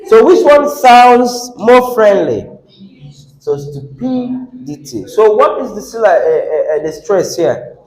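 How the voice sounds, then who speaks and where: Guy teaching word stress to a class, slow and super lively, echoey classroom. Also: sits high. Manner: questions students, repeats words with shifting stress. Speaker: English teacher.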